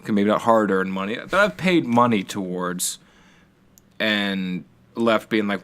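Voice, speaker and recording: Co-host, male, lowish voice, rambling casual reviewer, swears easily. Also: a little slow, fairly bright tone, clear, resonant tone. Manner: loose and rambling, restarts words, swears casually. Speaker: podcast co-host. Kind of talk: casual movie review chat.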